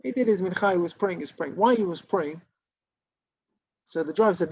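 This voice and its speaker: A man's voice: high voice, brisk, long pauses, darkish tone, breathy edge. A man, a rabbi, telling a story in an informal Torah class, with many restarts and Hebrew terms. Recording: dull lo-fi recording.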